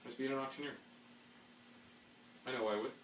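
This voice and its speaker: A man hosts a relaxed live podcast stream and chats about viewer comments. His voice sits in a middle pitch. It carries the echo of a room and the distance of a mic set back from him. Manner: slides into a fast auctioneer patter as a joke. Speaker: podcast host. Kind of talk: casual live-stream chat. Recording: echoey room, mic at a distance, faint hum.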